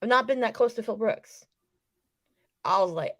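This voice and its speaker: A woman's voice: a little high, normal speed. A woman in casual podcast chat, telling a story with profanity and acting out the quotes. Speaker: wrestling podcast co-host.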